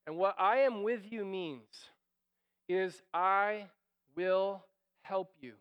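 A man preaching a sermon as pastor, animated and acting out quoted lines, sometimes dropping to a near whisper. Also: high voice, extremely slow, clean tone, dull audio.

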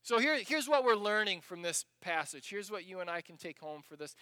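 A man preaching a sermon, dramatic, dropping to a hush and then rising to loud emphasis as he acts out passages. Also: high voice, animated, fairly quick, clean tone, dry recording. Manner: dramatic, shifts between hushed and loud; acts out the scripture passages he reads.

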